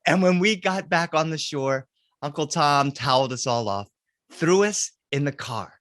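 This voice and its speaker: A man telling a spooky story for children, animated, swinging between loud cries and hushed lines. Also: on the high side, normal speed, no echo, clean studio sound.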